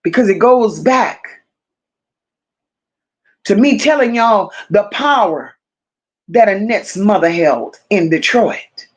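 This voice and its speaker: A woman hosting a live stream, reading viewer comments aloud and answering them, who talks slowly, repeats phrases for emphasis and speaks to her viewers like close friends. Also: mid-range voice, lively intonation.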